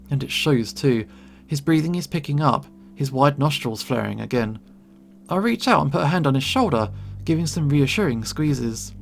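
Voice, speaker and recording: A man reads a visual novel aloud in first person, steady and tense, his mid-pitched voice carrying a gravelly fry. Soft music plays quietly behind him. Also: brisk. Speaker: gamer reading a visual novel. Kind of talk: first-person story narration.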